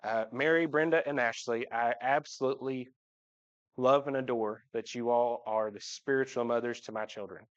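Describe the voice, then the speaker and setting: A man's voice: medium pitch, steady tone, moderate pace, highs cut off. A man, giving a heartfelt, joking personal talk to his church congregation. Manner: joking storyteller, voice jumps up when imitating. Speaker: church member speaking to the congregation. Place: church sanctuary.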